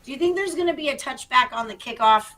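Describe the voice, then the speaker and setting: A woman on a casual sports betting podcast, asking wry questions with drawn-out asides. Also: high-pitched, lively intonation, bright, forceful tone.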